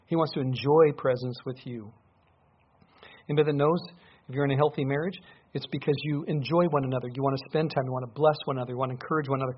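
A man's voice: medium pitch, slightly rough. A man preaching a sermon, speaking earnestly and building up to emphatic peaks as he drives home his points. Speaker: pastor. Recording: dull lo-fi sound.

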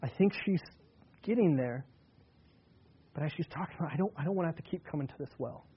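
A male pastor preaching a sermon in a relaxed, conversational way, slowing down to read scripture aloud with emphasis. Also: on the high side, breathy edge, dull audio.

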